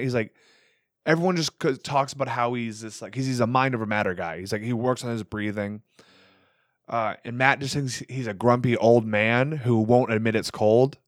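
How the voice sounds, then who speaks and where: A man's voice: mid-range voice, moderate pace, no room sound, clean studio sound. A young man co-hosting a podcast, telling long rambling stories in casual, profane chat. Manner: animated storyteller, profane and rambling. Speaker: podcast co-host. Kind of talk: casual conversation.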